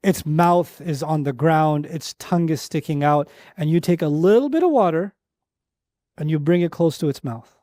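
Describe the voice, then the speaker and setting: A middle-aged man giving a lecture-style sermon as a Quran teacher, telling stories with animated repetitions and quick asides. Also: a little high, dry recording, studio quality.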